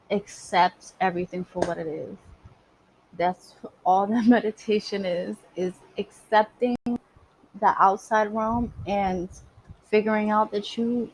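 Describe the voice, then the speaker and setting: A woman's voice: mid-range voice, slight background noise, poor audio. A woman giving a casual spiritual monologue, emphatic and streetwise, swearing freely. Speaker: spiritual vlogger.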